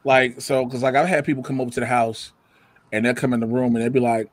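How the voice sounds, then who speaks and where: A man chatting casually from his home setup, telling animated stories, loudly acting out quotes and swearing freely. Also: medium pitch, fast, no echo. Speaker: guest. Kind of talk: casual chat. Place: home room with a computer setup. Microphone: computer mic or camera.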